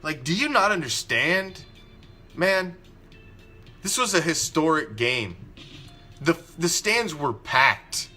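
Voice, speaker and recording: A man's voice: on the high side, sing-song, takes it slowly, long pauses, pushed and bright, soft background music. Profane ranting male sports host. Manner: angry, profane, emphatic ranting with repetition. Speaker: host of a fan show. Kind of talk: ranting live sports commentary.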